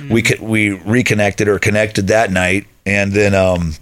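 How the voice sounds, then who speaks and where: A man's voice: on the low side, level tone, unhurried, fairly bright tone, a little hiss or hum. A man in his thirties, a podcast guest, telling his life story in a conversational way and acting out what his friends said.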